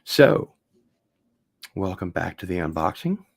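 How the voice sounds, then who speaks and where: Low raspy-fry guy unboxing stuff, talks real slow, rambly and chill. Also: a crowd in the background. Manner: relaxed, rambling, enthusiastic about records. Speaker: host. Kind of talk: casual unboxing chat.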